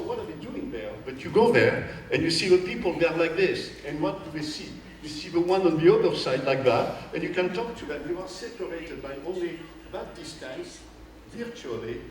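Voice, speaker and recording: Animated man in an echoey hall. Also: a little high. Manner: animated, playful, acts out scenes with quoted voices. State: tired from jet lag. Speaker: artist explaining his work. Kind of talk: informal gallery talk. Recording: echoey hall, mic at a distance, faint room noise.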